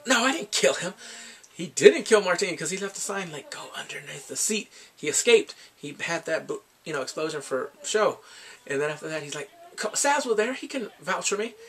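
A man casually recapping a TV episode, lively and excitable, often jumping into playful voices for the characters. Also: fairly high pitch. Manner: animated, bursts into shouts and playful quoted voices. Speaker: TV episode reviewer.

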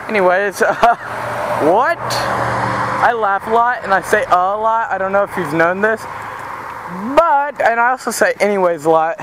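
Goofy young man vlogging beside traffic. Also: high-pitched. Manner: goofy, rambling, yelling at passing cars. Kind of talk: joking walk-and-talk vlog. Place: outdoors beside a busy road. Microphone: handheld camera's built-in mic. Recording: outdoor camera audio with loud traffic. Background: passing traffic.

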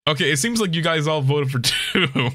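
A man streaming a game and commenting casually, excitable and profane, laughing often. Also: a little high, moderate pace, dry recording, studio quality. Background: game music.

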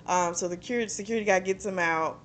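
A woman's voice: mid-range voice, fairly quick, a little hiss or hum. A woman casually recapping a novel's plot for her book channel, talking loosely with plenty of fillers. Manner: chatty, retells scenes with lots of fillers. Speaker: book reviewer.

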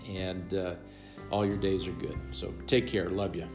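A man in his sixties gives a casual, rambling birthday greeting with many ums and pauses. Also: low voice, flat delivery, vocal fry, darkish tone, soft background music. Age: 60s. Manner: rambling, hesitant, with many fillers. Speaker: old neighbor sending a birthday message.

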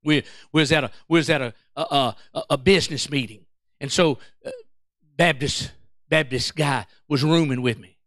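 A man preaching a fervent sermon as pastor, calling out to the congregation and shifting between shouting and quiet storytelling. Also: on the high side, moderate pace, dry recording, clean studio sound.

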